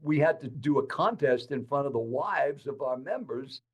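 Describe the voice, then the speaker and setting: A man in his eighties telling his life story to an interviewer in an animated, dramatic way. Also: medium pitch, normal speed, husky. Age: 80s. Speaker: guest speaker.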